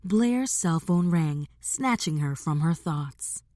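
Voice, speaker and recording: A woman reading a romance audiobook aloud, measured and steady. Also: low-pitched, no echo, clean studio sound. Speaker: audiobook narrator. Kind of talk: scripted audiobook narration.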